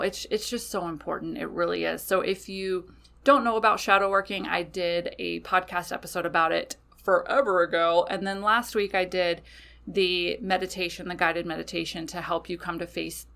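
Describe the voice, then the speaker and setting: A woman's voice: on the low side, vocal fry, bright, forceful tone. A woman hosting a podcast, explaining things casually and emphatically, often checking in with "okay?". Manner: chatty, frequent "okay?", emphatic. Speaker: podcast host, witch. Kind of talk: casual spoken teaching.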